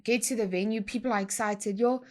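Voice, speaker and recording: A young woman tells a story in a relaxed chat. Her voice sits a little high, and she uses slang freely. She acts out other people's lines as she goes. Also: fairly quick. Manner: animated, slangy storytelling with quoted dialogue. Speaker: guest DJ.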